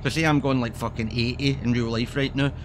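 A man's voice: medium pitch, steady tone, brisk, background noise. A man giving casual, rambling commentary while playing a driving game, swearing freely as he chats. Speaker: streamer.

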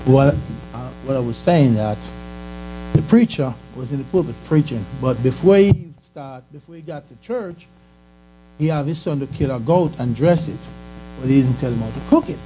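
A church speaker gives a sermon testimony in a conversational way, chuckling and putting questions to the congregation. His voice is mid-range, animated and mellow at a normal speed, with faint music in the background.

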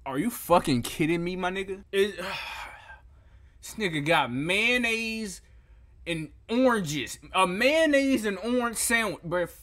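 A young man with a fairly high voice rants through a comedic food review. He sounds incredulous and swears freely. Calm remarks keep flaring into loud, disbelieving outbursts. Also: takes it slowly. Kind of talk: comedic reaction rant.

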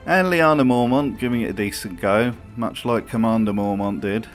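A man's voice: fairly low pitch, moderate pace, soft background music. Sarcastic, profane male commentator. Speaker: video commentator. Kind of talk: scripted commentary.

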